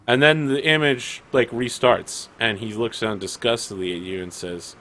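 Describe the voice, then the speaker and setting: A man narrating a tabletop game as game master in a dramatic, deliberate way. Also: medium pitch, bright, forceful tone, a little hiss or hum, rough recording.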